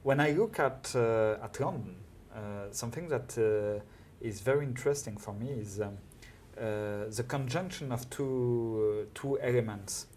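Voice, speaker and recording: A man from France with a French accent, a French native speaker, an urban planner answering an interview question slowly and hesitantly, with many filler sounds. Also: medium pitch, a little mellow, a little hiss or hum.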